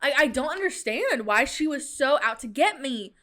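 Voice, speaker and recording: A woman's voice: sits high, normal speed. A young woman, a podcast host telling a personal story in a casual, chatty way. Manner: chatty, animated retelling with fillers like "like" and "dude".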